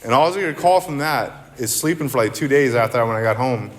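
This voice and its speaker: A man's voice: mid-range voice, animated, fast talker. Man sharing his story in an echoing hall. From central New Jersey. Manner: rambling, candid, self-deprecating. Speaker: AA speaker. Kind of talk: personal recovery talk. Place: meeting hall. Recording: long hall reverb.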